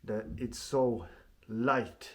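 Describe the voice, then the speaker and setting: Slow-talking man unboxing gear. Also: medium pitch, fairly bright tone. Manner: unhurried, plainspoken, often restarting phrases. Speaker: tech reviewer. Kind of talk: casual product unboxing. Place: apartment at home.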